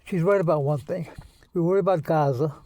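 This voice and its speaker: A man from the United States adding his view in an earnest, measured way during a casual conversation. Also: fairly high pitch, mellow.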